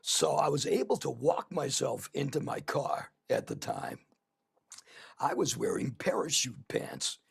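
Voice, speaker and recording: Gravelly, raspy man telling stories. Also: medium pitch, lively intonation, a little slow. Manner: rambling anecdotes with many fillers. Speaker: podcast host. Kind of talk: casual chat, storytelling.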